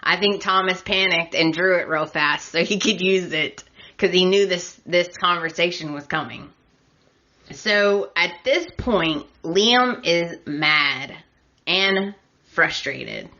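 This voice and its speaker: A woman's voice: lowish voice, slow, bright, forceful tone, lo-fi sound. A woman hosting a podcast, chatty and opinionated with a sarcastic edge, recapping in a casual way. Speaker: podcast host.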